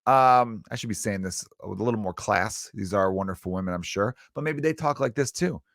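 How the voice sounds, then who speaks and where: A young man from the Chicago area hosts his own podcast and talks in a loose, crude comedic monologue that keeps veering into asides. His voice sits fairly low. The sound is close and dry, with no room around it. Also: brisk, vocal fry, a bit bright, no echo. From Chicago area, United States. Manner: crude, riffing, self-interrupting with asides.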